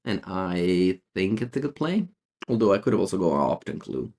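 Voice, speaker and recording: Italian-accented male streamer, low voice, rambling game commentary full of ums. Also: sing-song, moderate pace, darkish tone. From Italy. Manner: rambling, many fillers and restarts. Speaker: streamer playing a card game. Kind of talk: casual gameplay commentary, answering chat.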